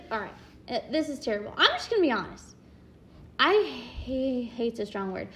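A woman's voice: on the high side, slight background noise. A young adult woman speaking candidly and reflectively as a parent, in a casual monologue full of "like" fillers. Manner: candid, self-reflective, chatty with many "like" fillers.

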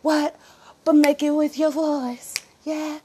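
A woman in an improvised, half-sung monologue, answering herself with rhythmic "what?" and "yeah", swinging between soft murmurs and loud sung bursts. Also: sits high, flat delivery, slow pace, slight background noise.

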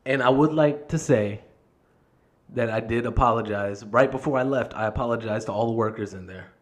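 A male podcast host telling a story in a loose, casual monologue. His voice sits in a mid range, and he swears freely as he works himself up. When he quotes his own yelling, he acts it out. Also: mid-range voice, normal speed. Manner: heated, profane storytelling with frequent swearing.

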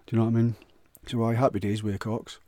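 A man's voice: on the low side, level tone, quick pace. A man with a Scottish accent rambling crudely through a jokey solo monologue, often restarting and stumbling over words.

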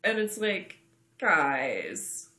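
A woman co-hosting a podcast chats about her team with a lively, rising and falling pitch. Her bright voice rings in a roomy echo. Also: very slow. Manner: chatty, laughs often. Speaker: podcast co-host. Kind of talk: casual sports chat.

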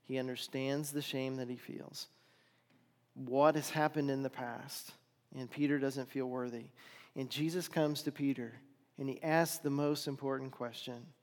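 A man preaching a sermon, retelling a story with dramatic swings between loud and hushed delivery. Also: medium pitch, steady tone, unhurried, big-room sound.

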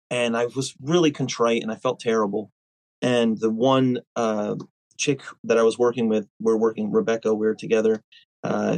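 A man in casual conversation, telling stories in an animated way, with lots of fillers and restarts. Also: medium pitch, no echo, poor audio. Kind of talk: casual chat.

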